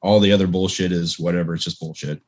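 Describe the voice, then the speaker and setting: Low-voiced guy, blunt, cusses casually, just talking straight. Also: steady tone, fast, darkish tone. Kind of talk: casual chat.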